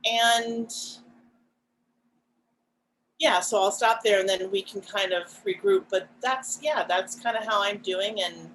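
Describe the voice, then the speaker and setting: Woman, podcast co-host, reflective casual chat, mid-pitched, soft-spoken, faint hiss. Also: poor audio. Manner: soft-spoken, thoughtful, pausing often with fillers.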